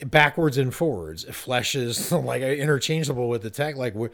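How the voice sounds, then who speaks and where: Gravelly, animated male podcaster. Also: mid-range voice, moderate pace. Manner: animated, swears, laughs often, acts out voices. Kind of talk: casual film discussion.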